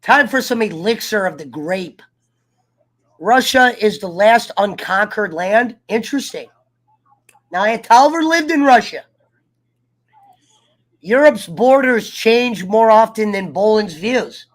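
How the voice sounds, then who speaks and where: A man hosting a casual livestream chat, joking and swearing while reading shout-outs from the chat. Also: high voice, expressive, measured pace, pauses often. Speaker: show host.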